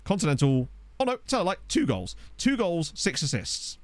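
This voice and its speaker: Young streamer, lively pitch, dry close desk-mic sound, excitable play-by-play for a game. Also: male voice, moderate pace, no room sound. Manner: chatty, excitable, reads chat aloud. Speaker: gaming streamer. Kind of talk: live gameplay commentary. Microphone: desk USB microphone.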